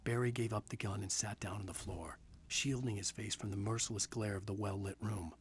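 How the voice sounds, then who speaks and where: Brooding novelist narrator voiced by a man for a game: low-pitched, hushed and half-whispered, steady scripted reading. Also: brisk, slight background noise, close to an everyday voice. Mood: somber.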